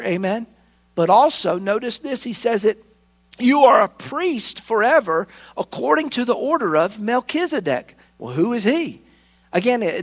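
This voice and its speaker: A man preaching a sermon, emphatic, often breaking in with "listen" and slowing down on key phrases. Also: sits high, a bit bright. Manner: emphatic, repeats "listen" to press points. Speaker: pastor. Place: church sanctuary.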